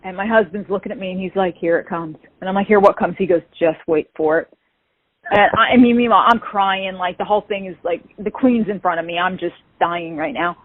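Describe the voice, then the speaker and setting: A woman, telling an animated story as an interview guest and acting out the quoted dialogue. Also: medium pitch, quick pace, few pauses, no echo. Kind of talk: casual storytelling. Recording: tinny phone-like call audio.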